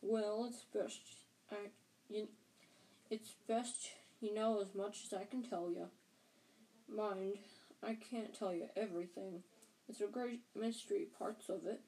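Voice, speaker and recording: A woman doing a low, worried giant of a man. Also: slow, mellow, low-quality recording. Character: huge gentle male groundskeeper, worried, grave.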